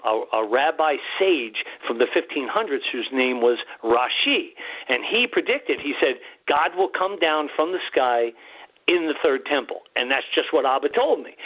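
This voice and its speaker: Excited rambling man on a phone line. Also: mid-range voice. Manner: rambling, animated, restarts and quotes himself and others. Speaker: guest researcher. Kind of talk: excited storytelling on a radio talk show. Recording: muffled phone-line call-in.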